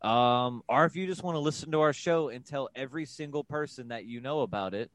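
A man's voice: mid-range voice, fairly quick, no echo, clean studio sound. A young man guesting on a podcast, joking and self-mocking in casual chat.

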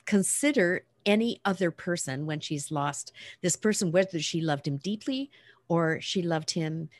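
Woman with a lowish voice, earnest and reflective, chatting on a podcast, dry close sound. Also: unhurried, dry recording. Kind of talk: casual podcast conversation.

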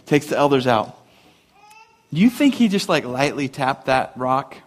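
A man preaching a sermon as a pastor, talking in a conversational way and acting out the story with lively voices. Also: mid-range voice, unhurried.

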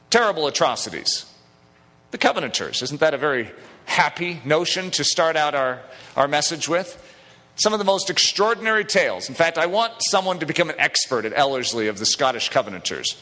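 Animated pastor preaching in an echoing hall. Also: male voice, a little high. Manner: lively, jokey preaching that builds to emphatic declarations. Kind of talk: sermon. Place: church sanctuary. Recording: long hall reverb.

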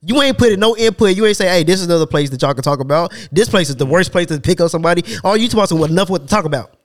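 Male podcast host, animated pitch, brash and teasing. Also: racing. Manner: loud, teasing, swears a lot. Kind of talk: casual banter.

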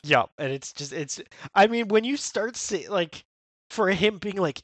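A man's voice: on the high side, moderate pace, dry recording. A man co-hosting a podcast, chatting casually and acting out quoted lines in playful voices. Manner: animated, acts out lines in character voices. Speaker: podcast co-host. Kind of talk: casual chat.

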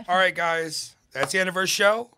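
A man's voice: sits high, takes it slowly, sharp tone. A man hosting a podcast, laid-back and upbeat in casual chat. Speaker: podcast host.

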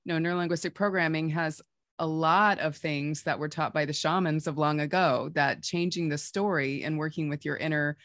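A woman's voice: sits low, steady tone, normal speed, no room sound. A woman hosting a podcast, affirming her guest's story and adding her own commentary. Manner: affirming, warm-hearted commentary. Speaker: podcast host. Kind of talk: conversational interview.

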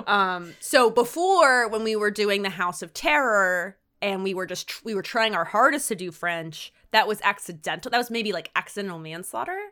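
Chatty and laughing frequently, this woman co-hosts a podcast and recaps a TV episode, her rambling full of "like." She speaks in a medium pitch with lively intonation at a moderate pace, hardly pausing, in a sharp tone.

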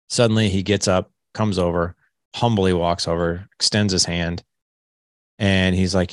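A man's voice: low-pitched, steady tone, normal speed, pauses often, no room sound, clean studio sound. A man in his late forties, a podcast guest telling his life story candidly and acting out the dialogue with animation. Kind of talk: storytelling in an interview.

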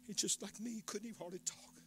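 A man preaching a sermon in a singsong cadence, swinging between soft whispers and shouted call-and-response. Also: high voice, steady tone, quick pace, a little hiss or hum.

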